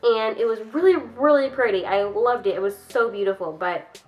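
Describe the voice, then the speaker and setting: A woman's voice: fairly high pitch, moderate pace, lo-fi sound. A young woman vlogger telling a casual storytime, rambling and filling her sentences with "like". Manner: rambling, heavy use of "like". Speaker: YouTuber.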